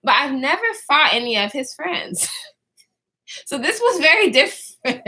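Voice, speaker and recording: A young woman chats straight to her viewers in a high, bright voice that swoops up and down as she tells her story. She talks casually and slangily, swears freely, and often breaks off mid-sentence to start again. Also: unhurried. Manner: animated, slangy, swears freely, trails off and restarts. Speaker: vlogger telling a story.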